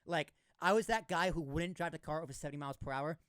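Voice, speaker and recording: A young man from Massachusetts hosting a podcast in a studio, telling a story in an animated, self-mocking way. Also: fairly high pitch, quick pace, smooth, no echo. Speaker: podcast host. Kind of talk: casual chat. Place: recording studio.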